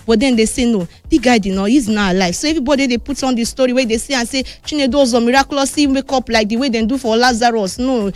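A Nigerian woman hosting a casual sports news roundup, lively and chatty, switching between Pidgin and English. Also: high-pitched, no echo.

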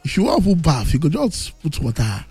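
A man's voice: on the high side, huge pitch swings, moderate pace, breathy edge, soft background music. A man from Nigeria with a Nigerian Pidgin English accent, talking as a radio host in boastful, teasing banter. He is a bit under the weather, and his voice sounds thick. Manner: brash, teasing, loud boasting.

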